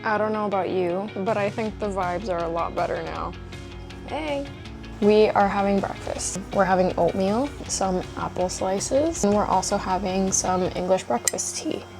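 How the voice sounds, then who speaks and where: A woman's voice: medium pitch, normal speed, gravelly, music in the background. A woman in her twenties chatting casually at home in a vlog, rambling with lots of likes and little laughs. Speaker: vlogger.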